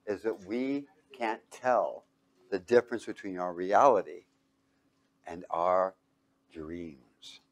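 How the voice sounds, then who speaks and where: A deep-voiced man teaches a live audience in a motivational talk. He speaks emphatically, shifting between loud and hushed, and keeps quizzing listeners with fill-in-the-blank questions.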